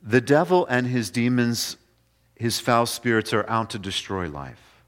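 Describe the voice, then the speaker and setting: A man preaching a sermon in an earnest way, going from quiet passages to emphatic ones. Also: mid-range voice, expressive, a little slow. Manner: earnest, swings between soft and emphatic.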